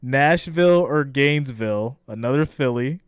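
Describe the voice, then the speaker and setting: A man's voice: medium pitch, normal speed, smooth, no room sound, clean studio sound. A man from New York hosting a live stream in a casual chat style. He reads viewer guesses aloud and laughs often.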